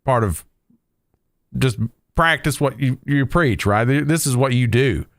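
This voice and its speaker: A man chatting casually, hyperactive and quick in his talk. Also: medium pitch, animated, a bit bright, no room sound, clean studio sound. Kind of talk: casual chat.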